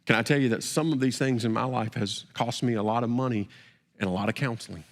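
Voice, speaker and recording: Man preaching a sermon in a reverberant church. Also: quick pace. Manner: repeats words, builds to emphatic peaks then drops low. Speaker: pastor. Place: church sanctuary. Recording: long hall reverb.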